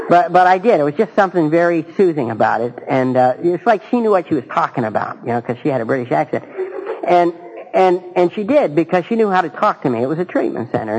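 A man giving a halting, earnest personal testimony to a recovery group, with dry self-mocking humor. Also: fairly high pitch, poor audio. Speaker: speaker sharing his recovery story.

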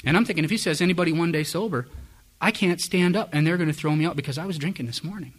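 A man's voice: on the high side, very fast. Man telling his recovery story candidly. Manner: candid, self-mocking storytelling. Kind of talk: personal testimony to a live audience.

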